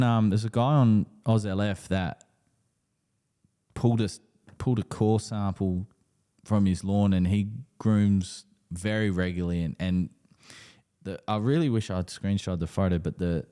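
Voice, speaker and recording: A man's voice: low voice, warm tone. A young Australian man co-hosting a live podcast, telling rambling stories and swearing freely. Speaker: podcast co-host. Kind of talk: casual live podcast chat.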